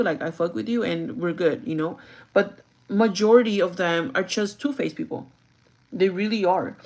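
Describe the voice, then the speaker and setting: A woman chatting casually on a get-ready-with-me livestream, venting and swearing freely, slipping between English and Spanish. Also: lowish voice. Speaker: vlogger.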